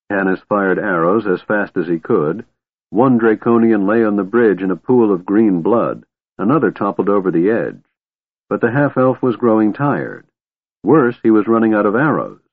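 Male audiobook narrator, low voice, steady and measured, thin phone-like audio. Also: no room sound. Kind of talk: scripted fantasy narration. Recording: tinny phone-like, dry.

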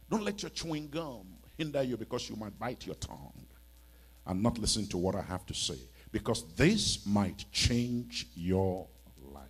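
A man's voice: fairly low pitch, slightly rough. A man preaching a church sermon as a bishop, pleading and emphatic, with many rhetorical questions.

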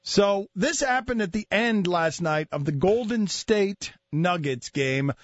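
High-pitched, animated male sports talk host; dry, dull studio mic. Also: unhurried, no echo. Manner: animated, excitable, mock-shouting.

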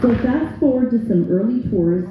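A man's voice: very high voice, lively intonation, normal speed, heavy background noise. A man interviewing a musician, asking questions in a friendly, prompting way. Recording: echoey, phone-like festival recording.

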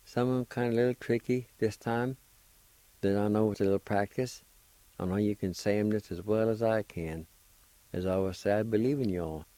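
A man hosting a pronunciation lesson, sounding out words syllable by syllable and repeating them slowly. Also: on the low side, fairly even intonation, dark tone, no echo. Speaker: language teacher and radio host.

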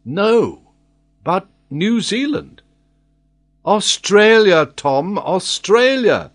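A man's voice: fairly high pitch, big pitch swings, measured pace, voice pushed up. A man reading the lines of a vehement nobleman firing off urgent questions, in a raised voice in an audiobook. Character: urgent male nobleman and expedition leader.

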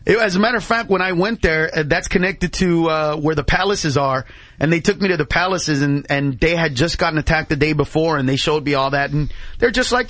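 Male comedian guest, high-pitched, rapid-fire storytelling, slangy, dry close mic. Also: dry recording. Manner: excitable, says dude and bro a lot, acts out voices. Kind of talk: animated anecdote telling on talk radio.

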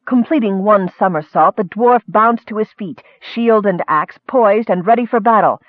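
A man's voice: high voice, moderate pace, no echo. A man narrating an audiobook, with scholarly asides addressed to a superior, heard through a thin, phone-like recording.

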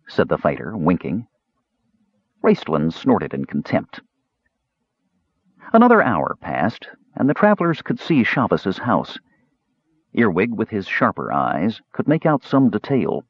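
A man narrating a fantasy audiobook in an expressive storytelling manner. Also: lowish voice, unhurried, no room sound, muffled recording.

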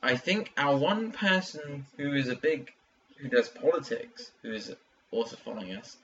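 A man co-hosting a casual podcast chat, talking in quick restarts and asides. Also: mid-range voice, a bit bright. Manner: chatty, self-interrupting. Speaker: podcast co-host. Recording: distant mic, dull sound, faint hiss.

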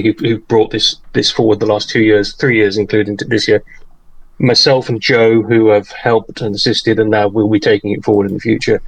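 A man co-hosting a casual podcast, talking in a halting way that repeats words, with polite, formal phrasing. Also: on the low side, vocal fry, poor audio. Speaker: podcast co-host and charity tournament organiser.

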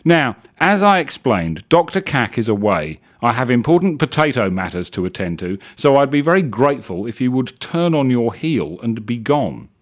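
A man's voice: medium pitch, big pitch swings, moderate pace, few pauses, lightly acted. A man voicing a prim, fanatical male scientist's assistant who speaks with haughty disdain.

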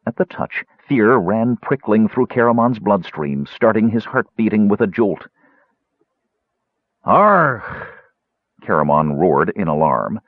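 A man narrates a fantasy audiobook in an expressive, dramatic reading with a fairly low, lively voice. The recording is dry and somewhat dull. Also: slightly rough, no room sound. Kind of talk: scripted narration.

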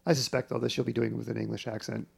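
A man hosting a television podcast, narrating in a measured, informative way. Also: mid-range voice, flat delivery, gravelly, heavy background noise. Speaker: podcast host. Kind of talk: scripted narration and chat.

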